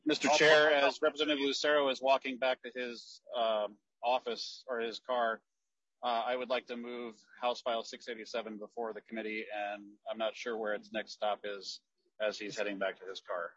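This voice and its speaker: A man speaks in a flat, level voice as he makes a formal motion, pausing on fillers. The sound is dry and dull. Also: medium pitch, dry recording. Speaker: committee member, state representative.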